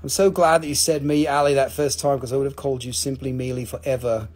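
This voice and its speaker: A man's voice: medium pitch, fast, darkish tone. Chatty man hosting a live crystal sale. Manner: chatty, swears casually, counts down sales. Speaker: host selling crystals on a live stream. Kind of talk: casual live sales stream.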